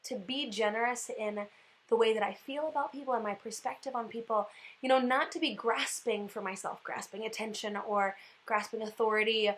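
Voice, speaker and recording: A woman giving a casual spiritual reflection on her vlog, animated and chatty, with lots of "like" fillers. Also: fairly high pitch, normal speed, slight background noise, low-quality recording. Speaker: Catholic speaker and vlogger.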